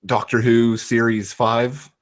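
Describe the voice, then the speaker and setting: A man's voice: medium pitch, flat delivery, slow pace. A man with a West Coast American accent chatting on a livestream, hesitant and full of fillers. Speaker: stream guest. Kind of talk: casual livestream chat.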